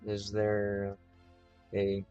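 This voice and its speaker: A man's voice: on the low side, dark tone, smooth, highs cut off. An American man livestreaming and chatting casually with viewers, reading their questions aloud. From United States.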